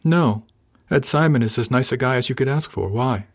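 A man reading the part of a blunt, sardonic woman officer, speaking flatly and a little higher than his own voice. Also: normal speed, lightly acted.

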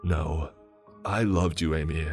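A man reading the part of a charming killer with a smooth, mocking voice that sits extremely deep. He gloats and justifies himself over faint background music in a spoken story. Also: fairly even intonation, slow pace, a little mellow, heavily acted. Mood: mock-tender. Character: charming, menacing male killer.

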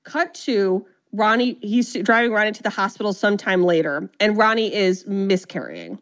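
This woman's medium-pitched voice is animated and a bit bright, at a normal speed. As a podcast co-host in a casual movie recap chat, she eagerly recounts a film's story and performs the characters' dialogue.

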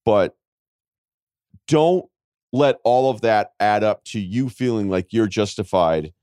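Deep-voiced man, rambling wry podcast host. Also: a little mellow, no echo, clean studio sound. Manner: rambling storyteller, quick asides and wry self-mockery. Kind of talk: casual podcast chat.

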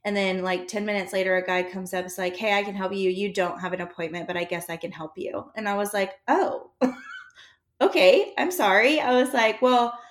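A woman telling a story in casual chat, animated and acting out the dialogue, with laughter between lines. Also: medium pitch, quick pace, hardly any pauses.

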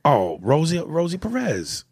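A man's voice: a little high, huge pitch swings, unhurried, creaky, darkish tone, slightly rough, dry recording, clean studio sound. A man co-hosting a casual podcast, joking loosely and swearing often while he reads listener mail. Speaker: podcast co-host.

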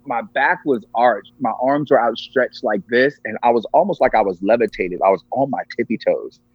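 A man's voice: medium pitch, moderate pace, husky, dry recording. A man sharing a personal story as a podcast guest, earnest and emotional. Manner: earnest, emotional, acts out quoted voices. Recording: dull lo-fi, dry.

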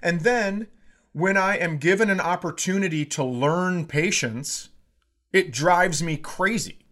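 A man in his fifties telling a comic story as a podcast co-host, animated, swearing and bursting into shouts. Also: high-pitched, measured pace. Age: 50s. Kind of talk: comedic storytelling.

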